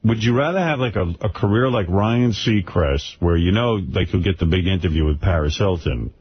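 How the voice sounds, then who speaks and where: A man's voice: low voice, lively intonation, normal speed, a little hiss or hum. A man hosting a radio show, talking in casual banter and ranting in a brash, boastful way. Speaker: radio host. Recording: dull lo-fi radio recording.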